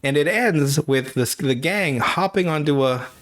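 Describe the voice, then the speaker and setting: Casting: a male podcast host, loose and profane, laughing through a story, voice a bit high. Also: expressive, slight background noise. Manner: profane, laughing storyteller who slips into quick character voices. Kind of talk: casual podcast chat.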